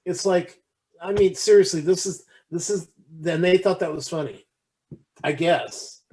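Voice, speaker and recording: A man's voice: high voice, a little slow, darkish tone. Rambling man chatting casually. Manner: rambling with many restarts and fillers, acts out quoted lines. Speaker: podcast co-host. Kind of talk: casual chat.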